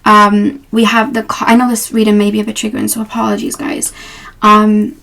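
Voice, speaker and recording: A young woman giving a casual tarot reading to camera, gentle and reassuring, with frequent fillers. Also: mid-range voice, completely flat delivery, fairly quick, creaky. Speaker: tarot reader.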